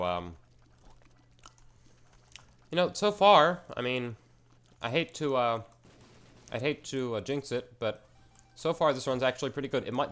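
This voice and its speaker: A man's voice: mid-range voice, fairly bright tone. A man giving casual, rambling commentary over his own gameplay, self-mocking and slangy as he plays. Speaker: gaming channel host.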